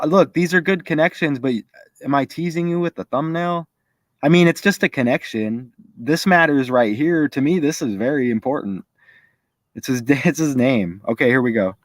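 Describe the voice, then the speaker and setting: A man's voice: medium pitch, no echo. A man giving casual commentary to his viewers, chatty and thinking aloud as he goes. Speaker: video creator.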